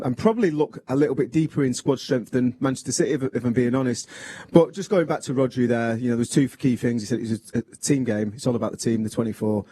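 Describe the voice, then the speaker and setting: A male studio pundit breaking down a football match. His voice is warm and mellow, and he talks at a quick clip in a relaxed, matter-of-fact way. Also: mid-range voice, no echo. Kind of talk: post-match studio analysis.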